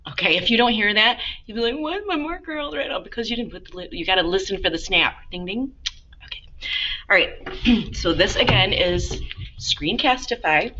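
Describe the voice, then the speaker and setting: A woman's voice: lowish voice, sharp tone, muffled recording, slight background noise. A woman art teacher giving a casual, encouraging drawing lesson to kids and talking straight to her students. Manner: chatty, encouraging, talks to students directly.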